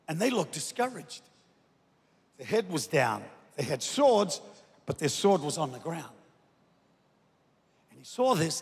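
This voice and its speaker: A man preaching a sermon, moving between hushed storytelling and loud, shouted exhortation. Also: high voice, creaky, slightly rough. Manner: swings from soft sung phrases to loud shouted exhortation. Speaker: guest preacher. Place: large church auditorium. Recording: echoey hall reverb from a church stage.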